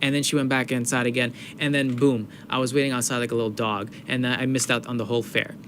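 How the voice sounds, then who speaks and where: Man, podcast host, storytelling, animated, emotional, faint background noise. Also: medium pitch, quick pace. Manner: animated storytelling, acting out quoted voices; emotional, open, swearing casually. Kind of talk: casual podcast chat.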